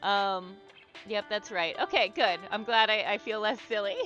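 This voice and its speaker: A woman's voice: mid-range voice, fairly even intonation, normal speed, a bit bright, highs cut off, soft background music. A young woman chatting casually on a livestream as she draws, rambling with many fillers and restarts and encouraging her viewers. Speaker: livestream host leading an art therapy exercise. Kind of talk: casual livestream chat while drawing.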